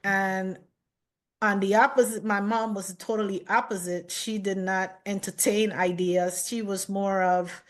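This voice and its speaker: Woman guest, reflective storyteller, unhurried measured delivery, mid register. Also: medium pitch, fairly even intonation. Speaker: chef and guest.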